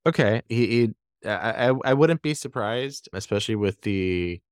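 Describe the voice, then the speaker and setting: A man's voice: fairly low pitch, expressive, unhurried, clean tone, no room sound, clean studio sound. A man, a podcast guest, chatting in a laid-back, wry way with hesitant restarts. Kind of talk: casual podcast chat.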